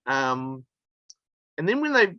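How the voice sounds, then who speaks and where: A man's voice: mid-range voice, sing-song, slow, sharp tone, no echo, dull audio. A male wrestler from New telling stories in a casual interview, chatty and laughing through his anecdotes with plenty of fillers. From New Zealand.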